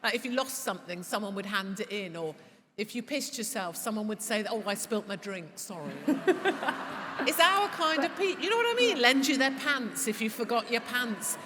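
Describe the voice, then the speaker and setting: A woman talking as a podcast guest before a live audience, impassioned and swearing, laughing, and rising to shouts. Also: on the high side, lively intonation, moderate pace. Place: large church hall before a live audience. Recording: echoey hall with audience noise.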